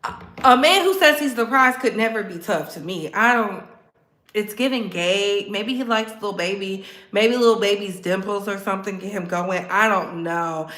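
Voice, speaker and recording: Sassy bright-voiced woman commentator. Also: medium pitch, normal speed, roomy sound. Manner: sassy, emphatic reactions. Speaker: commentary host. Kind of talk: pop culture commentary.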